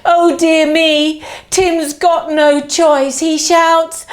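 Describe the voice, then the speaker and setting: A nursery teacher, a woman, reading a picture book aloud to young children in a lively, sing-song way and inviting them to join in. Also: high voice, very slow.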